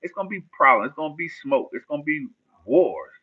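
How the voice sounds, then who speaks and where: A man's voice: a little high, sing-song, fairly quick, husky. A man from New Jersey hosts a loose, casual livestream, trading street slang with his viewers. The sound is narrow and tinny, like it is coming down a phone line. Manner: laid-back street slang, answers chat questions. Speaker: livestream host.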